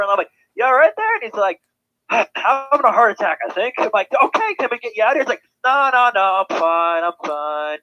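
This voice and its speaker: A man guest in a casual chat, telling stories quickly. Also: high-pitched, pushed and bright. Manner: fast-talking storyteller. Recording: dull call audio.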